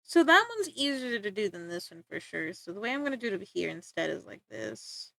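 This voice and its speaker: Bright-voiced young woman streamer rambling. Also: medium pitch, sing-song, brisk, creaky, no echo. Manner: rambling, joking, laughs often. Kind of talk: casual livestream chat.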